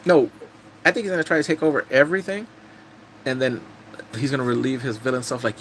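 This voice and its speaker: Young male vlogger, mid-pitched voice that swings up and down a lot; blunt, animated drama recap. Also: quick pace, slight background noise. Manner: animated storytelling, blunt casual swearing.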